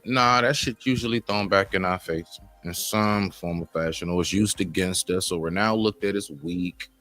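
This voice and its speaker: A man's voice: deep voice, normal speed, fairly bright tone, soft background music. A man hosting a live stream, talking emphatically and candidly about men opening up. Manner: emphatic, preachy, conversational.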